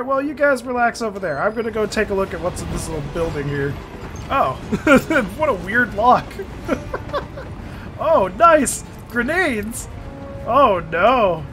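A man giving casual let's-play commentary, excitable and jokey, swearing and laughing often. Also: high-pitched. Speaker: gameplay streamer. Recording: faint game music behind.

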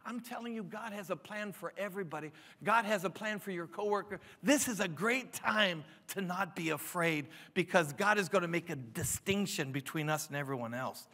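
A man's voice: high-pitched, moderate pace, few pauses, sharp tone. A pastor in his fifties preaching a sermon, emphatic, with frequent restarts and rising questions. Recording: long hall reverb.

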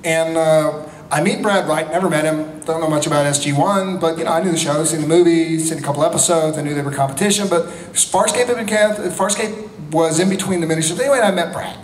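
Energetic fifty-something man telling stories. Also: fairly high pitch, fast, a little hiss or hum. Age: 50s. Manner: energetic, joking, lots of restarts and laughter. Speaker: convention panel guest. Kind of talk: animated anecdotal storytelling. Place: large convention hall. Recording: echoey hall with crowd ambience.

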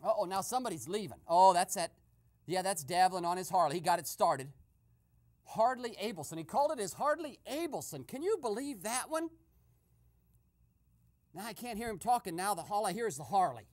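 A woman voicing an excitable male radio host who eavesdrops and gives gossipy running commentary full of exclamations. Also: medium pitch, brisk. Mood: excited. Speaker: host and narrator. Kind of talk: comedic radio sketch narration.

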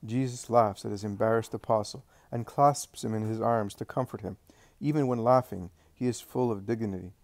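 Man reading a religious story aloud, slow and solemn, dry sound. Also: medium pitch, a little mellow, no echo. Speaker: narrator. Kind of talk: audiobook scripture reading.

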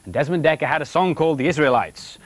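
A man's voice: on the high side, rapid-fire, no echo. A man presenting on the radio in a chatty, jokey way, reading out birthday messages.

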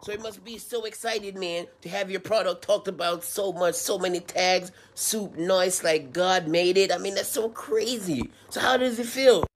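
A man's voice: sits high, moderate pace, few pauses, a little hiss or hum, close to an everyday voice. A man doing a brash TV food show host. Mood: upbeat. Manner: upbeat presenter patter.

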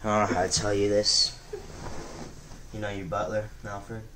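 A man voicing a laid-back male friend who breaks sad news in a calm, offhand way. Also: lowish voice, normal speed, recorded from a distance, slight background noise, voice pushed down, low-quality recording. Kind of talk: comedy skit voice acting.

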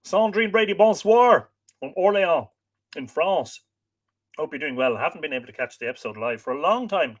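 Irish male stream host, slightly higher voice, easygoing chat, reads viewer names aloud and trips on a few. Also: lively intonation, moderate pace. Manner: friendly, chatty, stumbles over names. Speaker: livestream host. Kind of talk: casual chat, greeting viewers.

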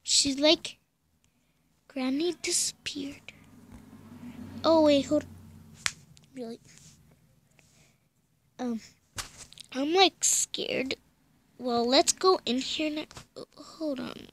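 A young gamer in her home bedroom plays a horror game, pleading and frequently sinking to a frightened whisper. She speaks slowly in a high voice and pauses often, with slight background noise.

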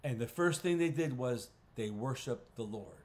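A man, a pastor, teaching a Bible study in a conversational way, clearing his throat often and restarting phrases. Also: mid-range voice, animated, normal speed, darkish tone. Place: church. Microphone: livestream recording.

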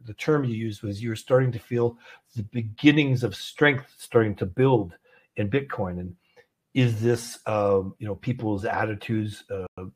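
Husky-voiced easygoing man from canada. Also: mid-range voice, darkish tone. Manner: chatty, easygoing, laughs often. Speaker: trading livestream host. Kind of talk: casual livestream chat and chart walkthrough. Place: office.

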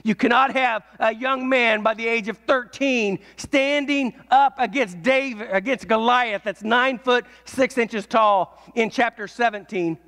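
A male pastor preaching a sermon, telling a story and swelling into shouts at its peaks. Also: extremely high pitch, measured pace, few pauses. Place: church. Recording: echoey church hall.

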